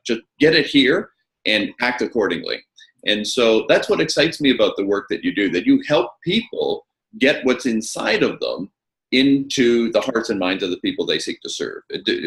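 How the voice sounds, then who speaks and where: A man's voice: mid-range voice, a bit bright, echoey room, low-quality recording. A man interviewing a guest as a communications coach, speaking emphatically and often repeating words as he starts a thought. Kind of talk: animated conversational interview.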